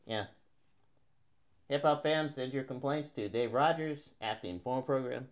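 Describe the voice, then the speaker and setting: A man co-hosting as the show's producer in casual chat, dropping wisecracks and deadpan one-liners. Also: mid-range voice, a little slow. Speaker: producer and co-host.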